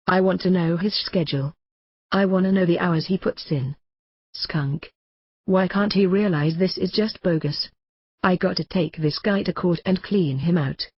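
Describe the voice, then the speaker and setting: A brash man narrates his own memoir in a mocking, combative rant. His voice is husky and the sound is bone-dry. The recording is a little dull and muffled. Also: sits high, no room sound. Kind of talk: audiobook narration in a ranting radio voice.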